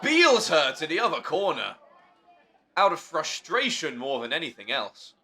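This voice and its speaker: A man calling a wrestling match play by play, excitable and shouting at the big moves. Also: fairly high pitch, measured pace. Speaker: wrestling commentator. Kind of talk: play-by-play commentary.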